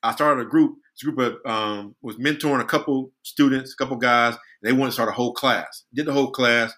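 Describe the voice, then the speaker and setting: A man's voice: mid-range voice, fairly even intonation, a little fast, pushed and bright. A man on a podcast, reflecting and telling a personal story in casual chat, often restarting his sentences. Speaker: podcast co-host.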